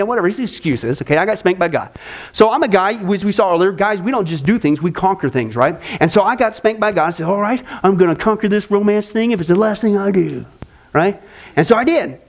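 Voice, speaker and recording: A man preaching a sermon to a live audience, telling personal stories in an animated way and acting out other people's voices. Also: sits high. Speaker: pastor.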